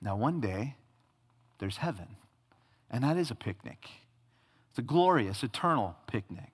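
A male pastor preaching a sermon, emphatic, swinging from loud declarations to hushed tones. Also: mid-range voice, very animated, a little slow, breathy edge. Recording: long hall reverb.

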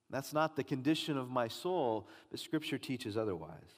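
In a church sanctuary with the long reverb of a large hall, a male pastor preaches at normal speed with hardly any pauses. His medium-pitched voice has lively intonation, and he emphatically rises and presses key lines, driving points home with repetition.

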